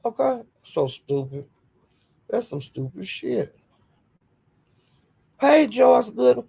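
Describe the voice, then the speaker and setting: A woman's voice: fairly high pitch, sing-song, slow, vocal fry, dark tone, husky. A woman hosting a casual livestream, greeting viewers by name and speaking bluntly and defiantly. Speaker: livestream host.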